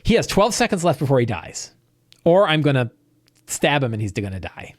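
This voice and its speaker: A man's voice: mid-range voice, big pitch swings, normal speed, no echo, close to an everyday voice. A man voicing a tough, dry-witted retired old woman innkeeper, speaking bluntly. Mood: threatening. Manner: blunt, threatening.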